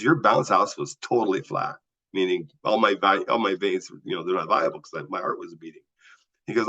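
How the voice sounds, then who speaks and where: Gravelly low-voiced man telling his story. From US Southwest. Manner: animated storyteller acting out dialogue. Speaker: guest. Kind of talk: personal storytelling. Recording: slightly dull lo-fi audio.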